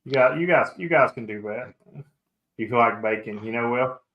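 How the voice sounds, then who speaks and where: Male host, casual rambling chat, mid-pitched, lots of restarts. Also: moderate pace, dull audio. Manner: rambling, self-interrupting. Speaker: podcast host.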